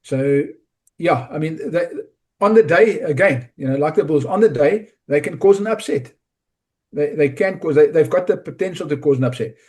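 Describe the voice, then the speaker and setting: A man's voice: a little high, moderate pace, dark tone. A man talking rugby analysis in a casual podcast chat, often restarting and repeating words. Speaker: rugby pundit.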